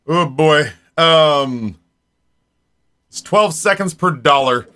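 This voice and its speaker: Streamer, forties, male: rambling casual chat, bright tone, a bit higher voice. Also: expressive, takes it slowly. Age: 40s. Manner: rambling, chatty, talks straight to viewers.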